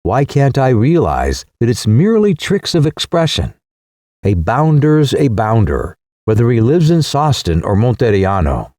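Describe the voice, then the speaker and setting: A man's voice: huge pitch swings, a little slow, darkish tone, dry recording, studio quality. A male narrator playing an agitated, sardonic young Englishman in an audiobook reading. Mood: self-mocking. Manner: exclaiming, high-strung.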